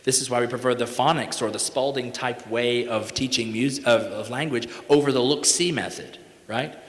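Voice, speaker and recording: A man lecturing at a conference in a big hall, his voice ringing with long reverb. He speaks at a middling pitch and makes his points with folksy emphasis, often tagging them with "right?". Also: normal speed. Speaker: music educator giving a conference talk. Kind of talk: conference lecture with sung examples.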